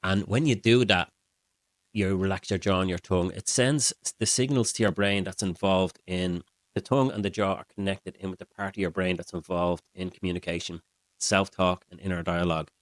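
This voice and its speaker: A middle-aged man, a mindset coach, calmly explaining breathing and relaxation to his viewers in a steady way. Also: low voice, moderate pace, no echo. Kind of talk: explaining to camera.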